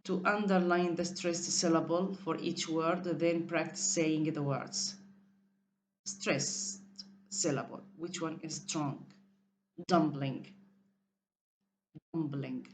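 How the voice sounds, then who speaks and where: Slow, low-voiced woman teaching. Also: a little hiss or hum. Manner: reads definitions aloud and drills pronunciation. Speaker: English teacher. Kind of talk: recorded vocabulary lesson.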